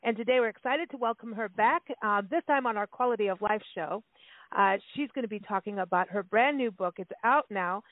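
A woman's voice: mid-range voice, a little fast, no room sound. A woman co-hosting a radio talk show, chatting casually in a rambling way and laughing often. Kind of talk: casual interview chat. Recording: tinny phone-line sound.

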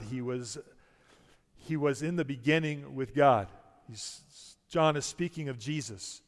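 A middle-aged man preaching a sermon as pastor, prayerful and conversational, often restarting words and dropping quiet. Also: on the high side, measured pace, in a large hall. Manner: prayerful, softening to near-quiet, with many restarts.

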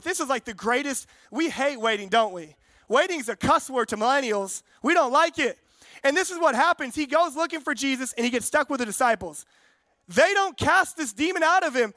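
A young man preaching with a strikingly high, bright voice, conversational and fervent. He slips into acted-out quotes as he talks to the congregation. The sound is close and dry. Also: animated, fairly quick, no room sound. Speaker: pastor. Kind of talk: sermon.

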